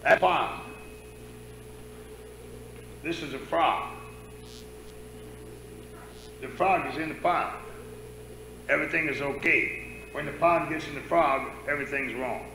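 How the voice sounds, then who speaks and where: A man's voice: on the high side, slow pace, vocal fry, long pauses, background noise. A man preaching a sermon in a church, talking conversationally and stopping to ask the congregation questions. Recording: echoey church sanctuary.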